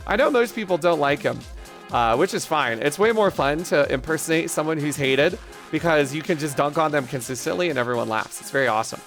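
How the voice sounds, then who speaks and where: A man with a fairly high but gravelly voice chats on a live stream, joking crudely and rambling as he answers his chat. Faint music runs in the background. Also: lively intonation, brisk, fairly bright tone.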